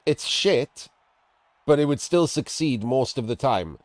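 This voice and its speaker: A man's voice: mid-range voice, lively intonation, moderate pace, a little mellow, dry recording. A man giving casual, blunt and sarcastic commentary on a game replay, talking to his chat. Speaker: streamer reviewing a game replay.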